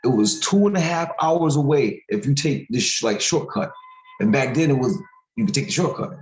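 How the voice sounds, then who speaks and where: A man's voice: mid-range voice, lively intonation, moderate pace. A man from Syracuse, hosting a podcast in a blunt, profane, rambling street-talk manner. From Syracuse, New York. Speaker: podcast host. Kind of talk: casual podcast rant. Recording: echoey room.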